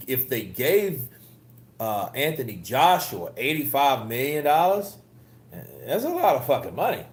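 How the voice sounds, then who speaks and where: Profane, animated male boxing streamer. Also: medium pitch, slight background noise. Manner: casual, profane, laughing, reads chat. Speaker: host. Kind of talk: live-stream boxing commentary.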